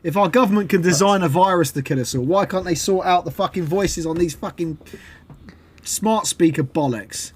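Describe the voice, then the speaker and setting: A man's voice: high-pitched, moderate pace, husky. A man hosting a podcast, chatting casually, swearing a lot and mimicking voices as he rants. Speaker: podcast host.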